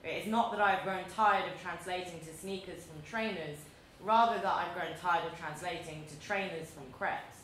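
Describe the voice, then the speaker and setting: A woman in her thirties with a London accent reads her personal essay aloud in a measured, deliberate, dryly wry way. Her voice sits a little low. It echoes strongly around a large room, with a faint noise underneath. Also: fairly bright tone. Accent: London English. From London, England. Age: 30s. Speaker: author reading her essay. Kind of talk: live reading of a personal essay. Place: large echoey museum event space.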